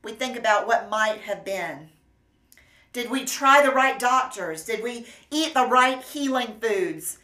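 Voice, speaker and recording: A woman preacher delivering a sermon in an earnest, measured and gently emphatic way. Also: fairly high pitch, animated. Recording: roomy echo.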